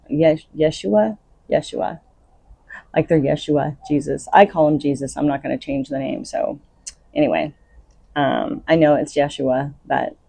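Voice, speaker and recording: Woman, podcast host, unscripted spiritual talk, earnest and coaching, husky, dry close sound. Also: low-pitched, dark tone, no room sound. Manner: earnest, coaching, laughs between thoughts.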